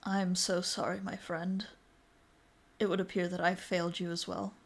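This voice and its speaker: A woman softly voicing a sorrowful bird spirit. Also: lowish voice, little pitch movement, moderate pace, vocal fry.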